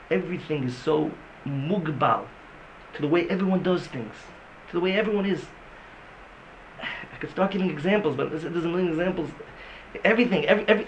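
A middle-aged man from the United States giving a religious lecture to a room of listeners, swinging from loud emphatic bursts to low, intimate talk. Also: gravelly, highs cut off, a little hiss or hum. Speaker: religious teacher.

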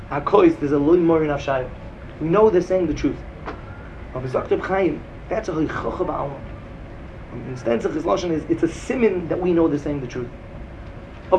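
Male Talmud teacher with a Yeshivish English accent; high, gravelly, sing-song delivery over a faint hiss. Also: dull audio. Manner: sing-song, rising to emphatic bursts and dropping low. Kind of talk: yeshiva-style Talmud lecture.

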